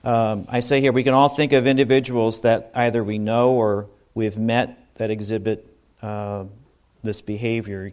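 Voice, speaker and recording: A man's voice: medium pitch, darkish tone. Casual man teaching a Bible lesson. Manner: conversational, with frequent restarts and asides to the congregation. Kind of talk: informal sermon.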